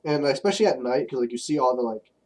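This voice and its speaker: A young man, co-hosting a podcast and telling crude, animated stories in casual chat, a bit far from the mic. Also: medium pitch, very fast. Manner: profane, animated storytelling. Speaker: podcast co-host.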